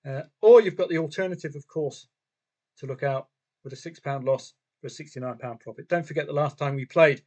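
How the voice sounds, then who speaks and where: A man talks through live football odds on a members' stream, casual and conversational. He poses rhetorical questions to viewers and mutters asides to himself. His voice sits a little higher than most men's. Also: brisk, a little mellow. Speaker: football trading livestream host. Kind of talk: casual live commentary on matches and bets.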